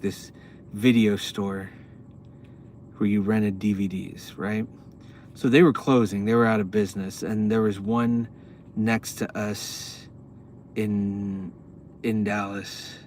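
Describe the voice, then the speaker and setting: A man's voice: on the low side, a little hiss or hum. A young man casually telling a long, profane, rambling story with many restarts, as a podcast host.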